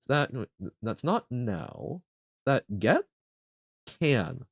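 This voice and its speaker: Animated man sounding out words. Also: medium pitch, gravelly, no echo. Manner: sounds out foreign words slowly, guessing aloud and laughing at himself. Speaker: streamer. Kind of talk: casual live-stream chat while playing a vocabulary quiz.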